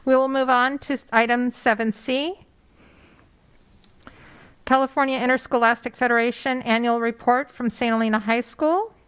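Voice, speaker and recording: A woman's voice: fairly high pitch, steady tone, normal speed, a bit bright, smooth. A woman chairing a school board meeting, running through agenda items in a formal, procedural way.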